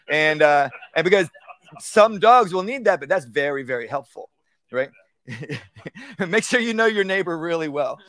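A man with a slightly higher voice teaches dog training at a live workshop. He talks in an easy, conversational way and drops into a calm, low voice to act out commands to a dog. The sound is close and dry. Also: no room sound. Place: outdoor workshop.

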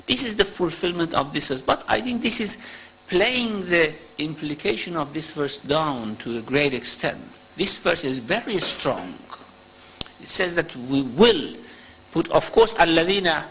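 Guy giving a religious lecture, fairly high voice, chants arabic verses fast. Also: fairly bright tone, husky, low-quality recording. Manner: explains slowly, recites Arabic verses in quick chant. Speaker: Islamic lecturer.

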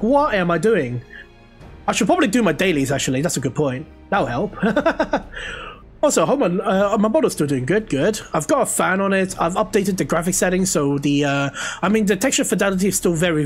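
A young man streaming a game, chatting casually with viewers and reacting excitedly as he plays. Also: sits high. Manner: chatty, excitable, talks to chat while playing. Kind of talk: casual live gameplay commentary.

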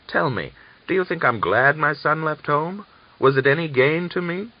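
A man voicing a gruff, stubborn aging peasant father who speaks with restrained defensiveness, in a dull lo-fi recording. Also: a little high, lively intonation, moderate pace, pitched above the performer's own voice. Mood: defensive.

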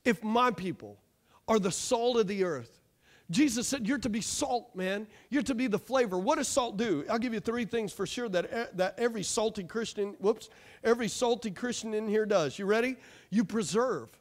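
Man, pastor, very high voice, lively sermon, rhetorical questions, joking asides. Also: normal speed.

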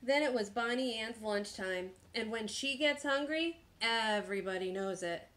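A woman teacher reading a picture book aloud in a slow, expressive storytime manner. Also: fairly high pitch.

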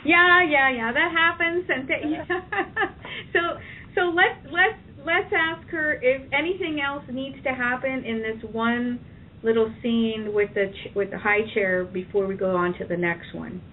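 Brief: female practitioner, calm and directive, slightly high voice, heard distantly over a tinny phone line. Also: unhurried, a little hiss or hum. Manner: calm, directive, leads phrases to repeat. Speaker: tapping practitioner guiding a client. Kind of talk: guided tapping session.

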